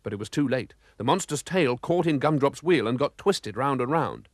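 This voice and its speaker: A man narrating a children's storybook with a lively, expressive reading. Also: mid-range voice, normal speed, no room sound, studio quality.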